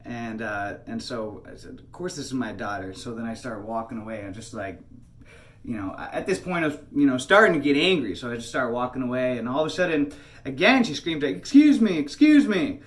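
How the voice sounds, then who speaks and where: A man's voice: medium pitch, fairly quick, a bit bright. A man casually telling a personal story, rambling with many fillers and restarts. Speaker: channel host.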